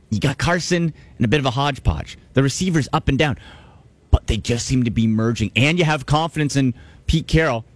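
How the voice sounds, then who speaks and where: On a sports radio talk show, a male host with a mid-range voice speaks with emphatic energy, repeating himself to drive points home. The sound is dry, captured on a studio microphone.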